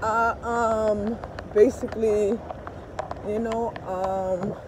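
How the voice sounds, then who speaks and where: A woman's voice: medium pitch, steady tone, very slow. A woman talking casually to her viewers in a rambling vlog, cursing freely and constantly asking if they understand, recorded outdoors by a street. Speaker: vlogger. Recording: street noise behind the voice. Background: passing traffic and car engine noise.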